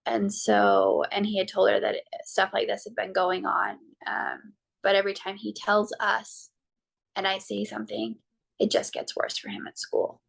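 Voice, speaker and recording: A woman in her thirties or forties, a podcast guest and mother, telling a personal story in a halting way with frequent ums and restarts. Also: mid-range voice, gravelly, breathy edge. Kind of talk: personal story told in an interview.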